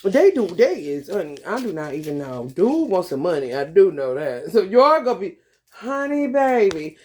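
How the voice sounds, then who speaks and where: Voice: mid-range voice, sing-song, moderate pace, darkish tone. A vlogger talking in a loose, profane monologue, laughing often and calling listeners honey and baby. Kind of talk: casual monologue.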